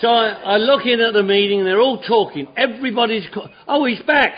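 A man's voice: sits high, quick pace. A man telling his recovery story to a meeting, acting out voices and swearing freely. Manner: animated storyteller, acts out dialogue, swears freely. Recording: dull lo-fi recording with a murmuring crowd.

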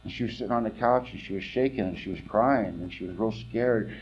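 A man's voice: fairly low pitch, fairly quick, slightly rough. Man from California, meeting speaker, rambling candid testimony, wry humor, muffled lo-fi sound.

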